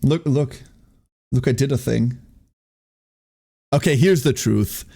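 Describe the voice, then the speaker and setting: A man's voice: medium pitch, takes it slowly, vocal fry, warm tone, breathy edge. A man from Germany with a light German accent, casually chatting with his live-stream chat, laughing often and repeating his phrases.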